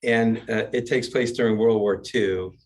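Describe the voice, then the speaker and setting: An older man teaching as a rabbi, chanting a warm-up and then telling jokes in a wry storyteller's way. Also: on the low side, steady tone, a little slow. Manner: wry storyteller, chuckles at his own jokes. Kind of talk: class talk with joke-telling and chanting.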